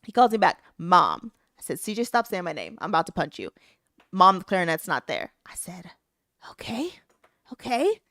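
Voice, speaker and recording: A woman's voice: lowish voice, sing-song, fast talker, a bit bright, no echo, studio quality. A woman co-hosting a podcast, telling a story in casual chat and acting out the voices of the people she quotes. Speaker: podcast co-host.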